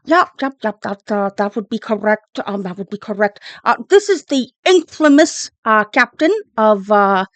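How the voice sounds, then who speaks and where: A woman's voice: medium pitch, expressive, normal speed, few pauses, no echo, voice pushed down, lightly acted. A woman voicing a tentacled male ferry captain who has a pirate voice, rolls his R's and repeats his phrases in a genteel way. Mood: genial.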